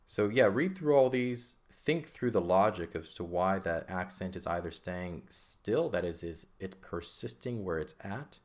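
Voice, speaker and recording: A man's voice: sits low, animated, measured pace, hardly any pauses. A man teaching a recorded Greek grammar lesson, explaining patiently and checking in with frequent "okay?" as he writes.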